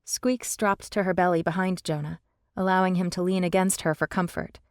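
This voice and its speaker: Woman, audiobook narrator, first-person storytelling, low voice, dry close studio sound. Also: steady tone, normal speed, clean tone, dry recording.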